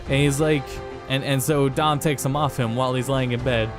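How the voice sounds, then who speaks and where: A man's voice: mid-range voice, steady tone, normal speed, over music. Rambling young man telling a story. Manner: rambling, many fillers and restarts. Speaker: podcast host playing a game. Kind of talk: casual storytelling while gaming.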